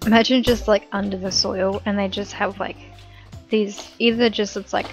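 A woman's voice: medium pitch, little pitch movement, moderate pace, dull audio, soft background music. A woman giving rambling, giggly commentary while playing a video game. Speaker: gaming YouTuber. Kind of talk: casual let's-play commentary.

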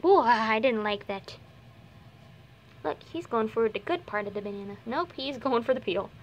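Speaking animatedly at a normal speed, a young woman vlogs from home next to a bunny cage, her handheld camera set on her knees. She chats casually with viewers and switches to a high sing-song voice to coo at and scold her pet bunnies.

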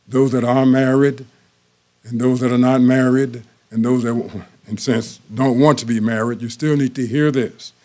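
A man's voice: mid-range voice, flat delivery, moderate pace, dark tone. An older man preaching a sermon, telling folksy everyday stories and repeating key phrases for emphasis. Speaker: pastor.

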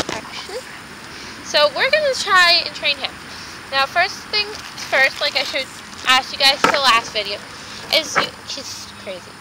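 A woman's voice: high voice, noisy background. A young woman in a casual home vlog, chatting to the camera while she trains her dog, with short firm commands and sing-song praise.

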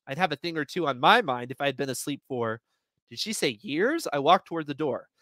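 A man reads short stories aloud in an expressive first-person voice. His tone is bright and slightly high, and the sound is close and dry. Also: brisk, dry recording. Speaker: reader. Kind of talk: live story reading.

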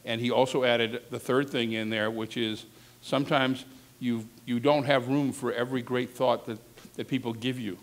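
A man with a mid-range voice and fairly even intonation coaches a classroom session on reporting at normal speed. He teaches candidly and conversationally, dropping in frank asides.

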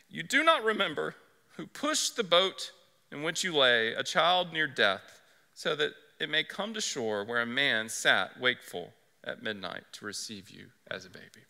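A great lion speaks with calm, solemn authority, as a man reads him aloud. The voice is very bright, and a long church-hall reverb trails each phrase. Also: sits high, voice pushed up, heavily acted.

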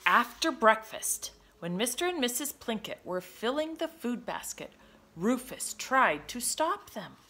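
A woman reading a children's picture book aloud in an expressive, sing-song manner. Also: a little high, unhurried, a little hiss or hum. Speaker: storybook reader. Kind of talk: children's read-aloud narration.

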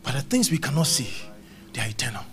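A man's voice: medium pitch, big pitch swings, quick pace, fairly bright tone. A middle-aged man preaching a sermon at a church service, emphatic and repetitive, quoting scripture. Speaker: pastor.

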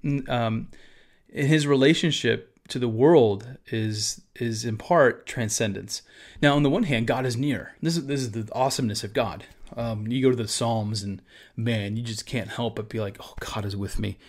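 A man's voice: mid-range voice, moderate pace. A man, a pastor, teaching about a church confession of faith in a casual, conversational way with asides.

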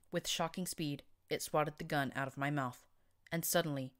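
A woman narrating first-person fan fiction as an audiobook, in an expressive, dramatic reading. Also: low voice.

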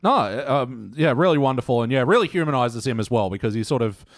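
A laid-back man co-hosting a podcast, dropping casual swears and laughing easily as he chats. His voice sits at an ordinary middle pitch and sounds close and dry. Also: expressive, a little fast, no echo. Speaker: podcast co-host. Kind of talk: casual chat.

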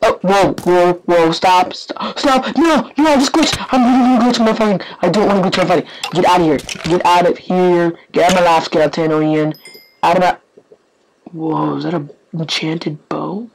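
A gaming channel host giving rambling, excitable live gameplay commentary, jumping between yelps and hushed whispers. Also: medium pitch, normal speed, vocal fry, slight background noise, low-quality recording. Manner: yawning, offhand chatter with many fillers.

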